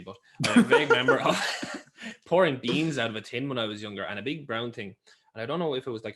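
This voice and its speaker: A young man with an Irish accent chats on a podcast, his words tumbling out quickly. His voice sits a little low, and he rambles and swears freely as he tells his stories. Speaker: podcast co-host. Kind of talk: casual chat.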